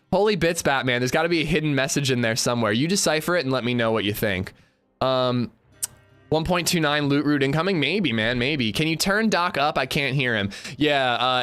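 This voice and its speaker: A man's voice: a little high, a bit bright, clear, resonant tone. A man in his thirties chatting casually on a game livestream, greeting viewers and joking between gameplay remarks. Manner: chatty, greets chat by name, jokey. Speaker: game streamer.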